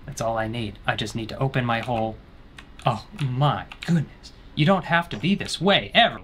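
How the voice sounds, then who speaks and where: A young male gaming streamer gives let's-play commentary on a horror game, teasing the characters, joking and letting out panicked yelps. His voice is medium-pitched with lively intonation and a fast pace. Loud game music plays behind him, with slight background noise.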